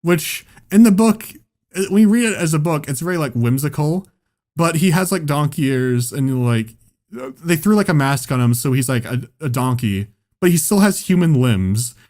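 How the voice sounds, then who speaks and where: A man tells a story in casual chat with a lively, swooping delivery. He swears freely and laughs along with his own tale, in a slightly high voice. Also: normal speed. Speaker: podcast host.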